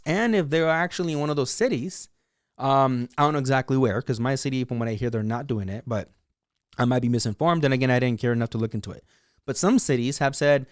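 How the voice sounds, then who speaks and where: A man's voice: medium pitch, expressive, fairly quick, clear, resonant tone, dry recording, clean studio sound. A man from San Diego hosting his own vlog, giving heated opinionated commentary full of "like" and "you know". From San Diego, California, USA. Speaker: vlog host.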